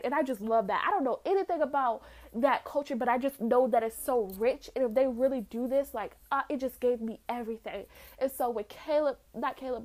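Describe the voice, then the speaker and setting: Telling the story of a movie for her vlog, a young woman speaks in a fairly high pitch with a casual, lively manner. She performs the characters' lines along the way.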